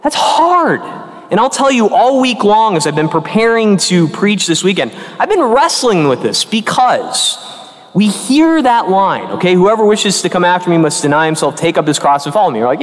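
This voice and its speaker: Animated, earnest priest in echoing church. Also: male voice, sits high, normal speed. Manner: conversational, earnest, emphatic. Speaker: Catholic priest. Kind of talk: sermon. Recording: long church reverb.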